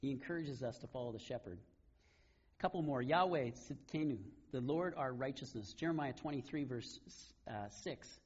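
A man preaching a sermon, retelling scripture stories in a relaxed, conversational way. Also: mid-range voice, normal speed, breathy edge, muffled recording. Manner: conversational storytelling, casual paraphrase of scripture. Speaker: pastor.

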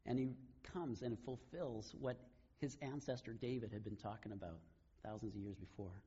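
A man preaching a sermon, retelling scripture stories in a relaxed, conversational way. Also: lowish voice, normal speed, husky, dull audio. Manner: conversational storytelling, casual paraphrase of scripture. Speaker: pastor.

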